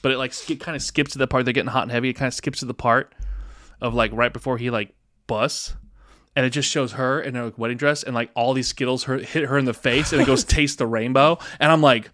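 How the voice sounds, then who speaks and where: A man's voice: medium pitch, steady tone, fast, a bit bright, no room sound, clean studio sound. A man co-hosting a podcast in casual banter, crude and laughing often. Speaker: podcast co-host.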